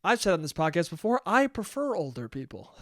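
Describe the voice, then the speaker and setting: A man's voice: high-pitched, a bit bright, no echo, studio quality. A man in his twenties hosting a casual solo podcast, rambling and swearing as he laughs at his own jokes. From United States. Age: 20s. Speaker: podcast host.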